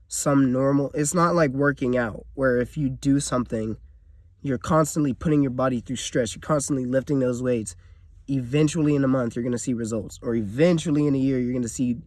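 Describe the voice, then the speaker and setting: A man's voice: mid-range voice, a little mellow, no room sound. Young man venting, blunt and profane. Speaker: vlogger. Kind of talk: personal vlog rant. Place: inside his car.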